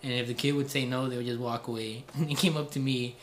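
A young man from Southern California tells a story to his friends in an animated, laughing way. His voice sits in the middle range for a man, and a light hiss of background noise sits under it. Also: mid-range voice, fast talker. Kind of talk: casual storytelling among friends.

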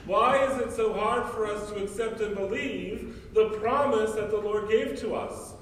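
High-voiced priest preaching in an echoey church. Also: male voice, measured pace, far from the mic. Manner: emphatic preaching with repeated rhetorical questions. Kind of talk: sermon.

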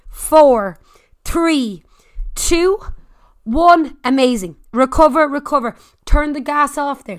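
A woman coaching a spin class, counting down intervals, shouting encouragement and cracking jokes. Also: sits high. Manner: jokey, swears casually.

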